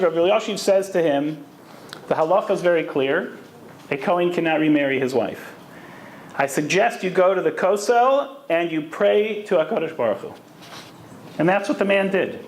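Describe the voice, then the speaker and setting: Lecturer, male, mid-high voice, storytelling delivery, echoey hall with faint noise. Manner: storytelling, Hebrew terms woven in. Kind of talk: lecture on Jewish law.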